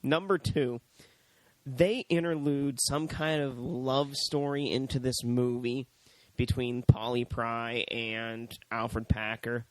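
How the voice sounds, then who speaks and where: A man co-hosting a movie review show in casual chat, animated and profane, often mimicking characters in high voices. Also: slow pace, no echo, low-quality recording. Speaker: podcast co-host.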